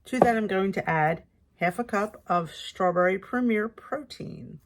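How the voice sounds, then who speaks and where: A woman's voice: medium pitch, unhurried. A middle-aged woman hosting a casual cooking vlog in her home kitchen, chatty and upbeat as she talks to viewers. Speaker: cooking channel host.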